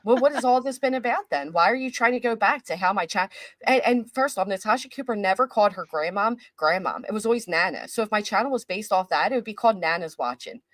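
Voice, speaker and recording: A woman's voice: a little high, animated, quick pace, no echo. A woman hosting a casual commentary chat, sounding indignant and sarcastic. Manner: indignant, sarcastic, says "y'all". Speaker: channel host.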